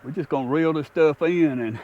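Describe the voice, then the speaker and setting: A man's voice: fairly high pitch, fairly quick, highs cut off. Folksy man fishing from a boat. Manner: folksy, excited exclamations, laid-back drawl. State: out of breath at times. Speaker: fishing vlogger. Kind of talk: casual outdoor fishing vlog. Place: small jon boat on open water.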